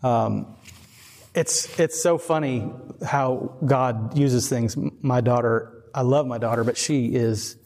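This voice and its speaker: A man's voice: medium pitch, slow, a little mellow. A middle-aged man giving a casual, rambling sermon, earnest and often laughing. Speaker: preacher. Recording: long reverb.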